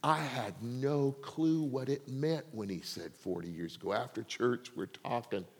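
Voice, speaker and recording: An older man preaching a sermon, telling a personal story and swinging between hushed asides and loud, laughing outbursts. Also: medium pitch, measured pace, husky. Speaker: pastor. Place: church sanctuary. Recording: long hall reverb.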